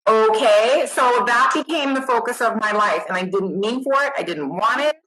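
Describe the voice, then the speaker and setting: Bright lively woman telling her story. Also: a little high, normal speed, low-quality recording. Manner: animated, self-deprecating, swears casually. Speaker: nurse educator guest. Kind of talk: casual interview chat.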